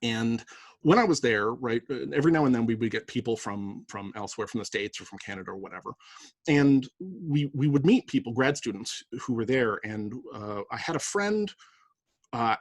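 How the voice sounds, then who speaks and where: Husky-voiced male lecturer, chatty. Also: mid-range voice, expressive, normal speed, no room sound. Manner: conversational, many fillers and "right?" asides. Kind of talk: university lecture.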